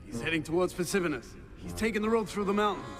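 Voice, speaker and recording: An actor playing a hurried male informant in a TV adventure series, giving rapid clipped reports. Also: high-pitched, animated, music in the background. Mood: urgent.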